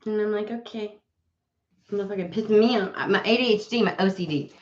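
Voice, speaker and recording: A woman's voice: medium pitch, steady tone, brisk, slight background noise. A woman hosting a casual tarot live stream from home, chatting in a rambling way and swearing freely as she talks into a webcam. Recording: roomy, slightly dull home webcam audio.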